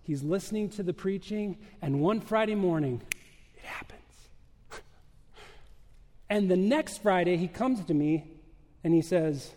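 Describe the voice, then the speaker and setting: A male pastor preaching a sermon with emphatic, measured delivery, rhetorical questions and dramatic pauses. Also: high-pitched, expressive, warm tone, in a large hall.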